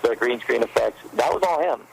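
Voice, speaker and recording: A man, a fan filmmaker guest, telling stories in a rambling, animated way during a casual interview, with a gravelly voice. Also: medium pitch, a little fast, a little hiss or hum, rough recording.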